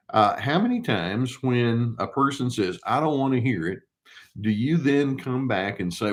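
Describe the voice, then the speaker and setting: An older male therapist giving casual advice, calm and unhurried, who poses rhetorical questions and answers them himself. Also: mid-range voice. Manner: acts out short quoted replies in a mock tone.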